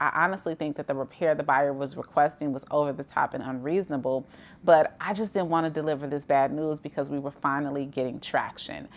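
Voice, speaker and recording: A middle-aged woman, coaching real estate agents in a candid, conversational way. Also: low voice. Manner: candid, conversational, frequent "like" and "you know". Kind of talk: coaching monologue to camera.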